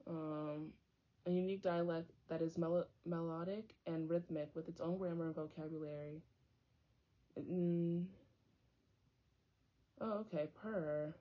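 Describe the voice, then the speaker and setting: Young woman reading a book out loud, trips on big words, goes off on tangents, kinda muffled lo-fi audio. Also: low-pitched, fairly even intonation, measured pace, long pauses. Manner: stumbles over hard words and breaks off into chatty tangents. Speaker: book reader and commentator. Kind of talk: reading a book aloud with casual asides. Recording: dull lo-fi audio.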